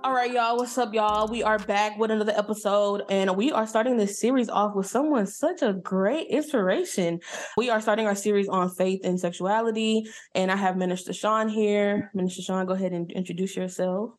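A woman's voice: mid-range voice, steady tone, brisk. Upbeat casual woman podcast host. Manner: upbeat, informal, addresses listeners as y'all. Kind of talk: casual interview hosting.

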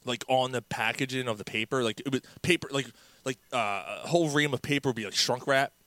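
A man's voice: mid-range voice, a little fast, sharp tone, no echo. A middle-aged man, telling a rambling work story with laughs and swearing. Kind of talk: casual storytelling.

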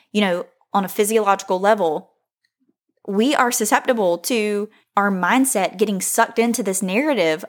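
A woman in her thirties hosting a faith podcast, speaking in an earnest, confessional way, close to tears, repeating phrases for emphasis. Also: medium pitch. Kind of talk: heartfelt devotional monologue.

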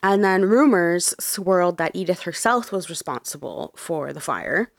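A woman's voice: on the low side, lively intonation, measured pace, creaky, no room sound, studio quality. A woman hosting a podcast who is sick, telling a true crime case in a casual, chatty way and saying "like" a lot. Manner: chatty, laughs often, says "like" a lot. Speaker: podcast host.

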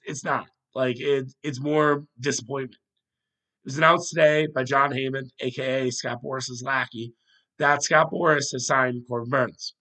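A young man hosts a solo sports podcast in a bright, forward voice, a little stuffed up from a cold. He rambles, works things out aloud, and pokes fun at himself along the way. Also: mid-range voice. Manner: rambling, self-deprecating, thinks out loud. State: slightly congested with a cold.

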